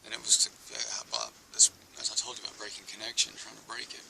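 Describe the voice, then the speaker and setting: A man telling a personal recollection in a halting, hesitant way, often sinking into a whisper. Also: fairly low pitch, monotone, creaky, sharp tone, a little hiss or hum, rough recording. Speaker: storyteller recounting an alleged encounter.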